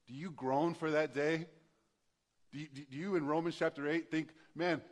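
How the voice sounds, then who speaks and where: Passionate man preaching a sermon. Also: a little high. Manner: passionate, conversational preaching with rising emphatic bursts. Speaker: pastor.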